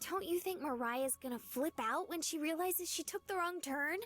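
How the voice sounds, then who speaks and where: A woman voicing a cheerful, stubborn young woman in a visual novel, bright and eager. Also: high voice, moderate pace, soft background music.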